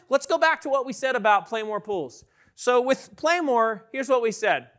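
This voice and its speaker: A man giving an energetic conference keynote, often asking the audience questions. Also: very high-pitched, moderate pace. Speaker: keynote speaker. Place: large conference hall with an audience.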